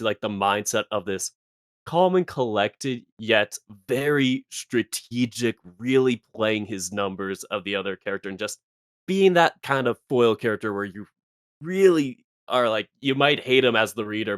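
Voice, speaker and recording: A man's voice: fairly low pitch, normal speed, no room sound, studio quality. A man voice actor chatting on a podcast, enthusiastic and rambling. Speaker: voice actor guest. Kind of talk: casual podcast chat.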